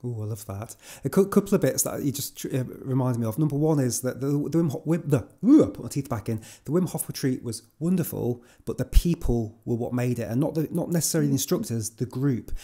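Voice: mid-range voice, lively intonation, brisk, hardly any pauses. An interview host who murmurs agreement and then shares a story with enthusiasm. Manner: soft affirming murmurs, enthusiastic. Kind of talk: conversational interview.

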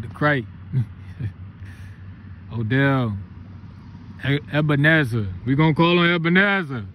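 A man, vlogging excitedly and reverently on his family's road, laughing often. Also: medium pitch, slight background noise. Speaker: vlogger visiting family land. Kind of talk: emotional casual vlog narration.

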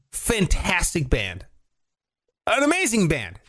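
A man on a casual podcast, ranting in an animated, profane way. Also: on the high side, moderate pace.

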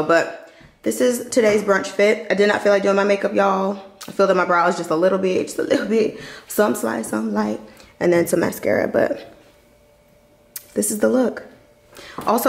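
A young woman with a medium-pitched voice chats casually to the camera in a vlog, and the audio quality is poor. She's talkative, laughs often and addresses viewers directly, filming at home and then at a restaurant.

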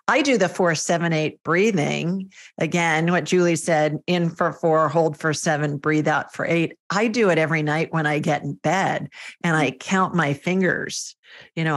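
A middle-aged woman hosting a conversational interview, her voice sitting a little low for a woman. She talks in an earnest, chatty way, sharing personal routines as she goes. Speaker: podcast host.

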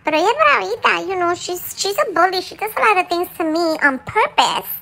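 Woman putting on a pet dog voice, very high-pitched, gravelly edges, chatty confessional monologue, English mixed with Spanish. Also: animated, fairly quick, sharp tone, heavily acted, rough recording. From Puerto Rico. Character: small excitable pet dog, playful and rough.

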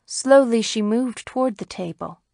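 A woman narrating a classic short story in a measured, even storytelling manner. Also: a little high, vocal fry, dry recording, studio quality. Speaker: audiobook narrator.

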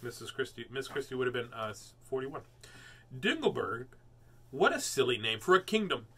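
A man's voice: mid-range voice, animated, moderate pace, bright, forceful tone, husky. A man hosting a live read-aloud of a children's book, chatting playfully between pages in a rambling, joking way full of fillers. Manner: rambling and jokey, with many fillers and silly sounds. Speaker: host reading children's books aloud.

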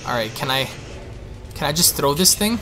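A man's voice: on the high side, normal speed, noisy background. Panicky young man playing a horror game. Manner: panicky, excitable, repeats himself. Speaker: gaming streamer. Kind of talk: let's play commentary.

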